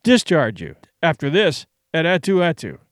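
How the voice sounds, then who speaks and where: A man voicing a calm, controlled ship owner who speaks low, firm and tense. He is read as a character in an audiobook. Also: normal speed, dry recording, studio quality. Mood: cold.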